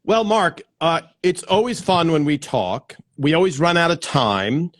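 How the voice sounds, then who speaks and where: A man hosts a casual live stream from a plugged-in desk microphone, chatting and greeting viewers by name, often restarting his sentences. His voice is on the high side with lively intonation and a measured pace. The studio sound is clean with no echo.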